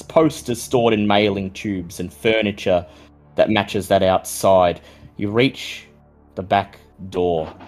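A man narrating a tabletop horror game as game master, in slow, measured description. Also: on the low side.

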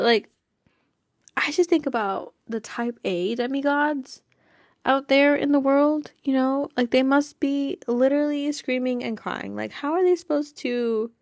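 A woman's voice: sits high, no echo, studio quality. A woman hosting a casual fan podcast, bubbly and giggly, rambling with lots of "like" and "you know.". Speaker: podcast host.

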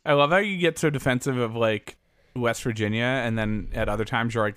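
A man co-hosting a podcast, chiming in with dry, wry remarks and easy laughter. His mid-pitched voice is smooth and clear, recorded close and dry with no room sound. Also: fairly quick, a bit bright, no echo. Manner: wry interjections, laughs easily. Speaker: podcast co-host. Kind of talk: casual podcast chat.

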